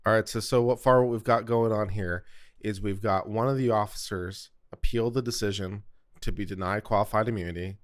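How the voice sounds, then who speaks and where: Man, host, from South Carolina, casual chatty commentary, jokey asides, deep-ish voice. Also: fairly even intonation, fairly quick, no room sound. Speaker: host reacting to court audio.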